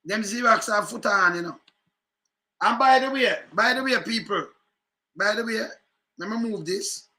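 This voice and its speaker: A man with a Jamaican accent giving casual, animated commentary on political news clips, often repeating phrases. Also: high voice, moderate pace, long pauses.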